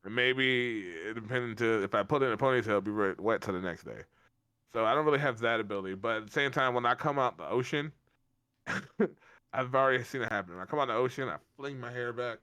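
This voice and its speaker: A man's voice: medium pitch, fast, smooth, no echo. A young man co-hosting a podcast, telling stories with laughter and casual swearing. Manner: animated storyteller, laughs often, swears casually. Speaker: podcast co-host. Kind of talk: casual chat.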